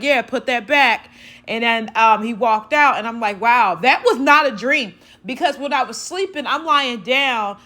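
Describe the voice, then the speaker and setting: A woman's voice: on the high side, fairly bright tone. Chatty woman vlogger, filler-heavy. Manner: rambling, heavy use of "like" fillers. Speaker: vlog host. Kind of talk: casual storytelling to viewers.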